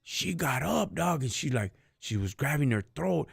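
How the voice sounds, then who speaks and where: His fairly high, sing-song voice carries vocal fry and a slightly rough quality at normal speed. The man hosts a live stream of casual storytelling chat, slangy and street-casual, often saying "dog" and "homie," earnest and faith-focused. The recording is dry and studio-clean.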